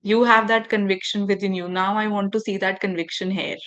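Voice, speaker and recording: A woman's voice: medium pitch, little pitch movement, fairly quick, a bit bright, muffled recording. A woman trainer leading an online workshop for teachers over a video call, engaging and often asking the audience questions. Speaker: faculty development trainer.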